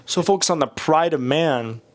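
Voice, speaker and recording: A man's voice: on the high side, moderate pace. Man with a stuffy nasal cold. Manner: candid, rambling, self-deprecating. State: sick, slightly nasal. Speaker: art channel host. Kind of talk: casual vlog monologue while drawing.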